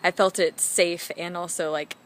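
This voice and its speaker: A woman vlogger telling a personal story in a chatty, animated way, full of "like" fillers. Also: fairly low pitch, normal speed, a little hiss or hum.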